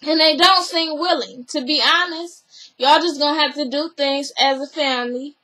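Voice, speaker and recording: Bright high-voiced chatty woman. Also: moderate pace, poor audio. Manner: chatty, opinionated, retells scenes with quoted voices. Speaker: reality TV recap vlogger. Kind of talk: casual episode recap.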